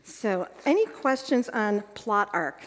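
A woman's voice: mid-range voice, very animated, slow pace, in a large hall. A woman leading an evening workshop on teaching the Bible, guiding the group and checking with questions as she goes.

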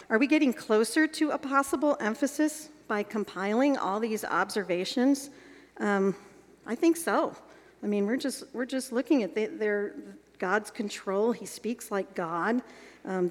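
Woman teaching a group in a reverberant hall. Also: medium pitch. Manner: guiding, asks the group checking questions. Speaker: workshop leader teaching Bible exposition. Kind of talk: evening workshop instruction to a group.

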